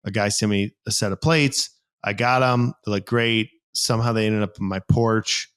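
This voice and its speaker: A man's voice: fairly low pitch, normal speed, smooth. A man co-hosting a casual podcast, telling rambling stories and explaining gym equipment with lots of fillers. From United States. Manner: rambling, animated storytelling with acted quotes. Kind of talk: casual chat.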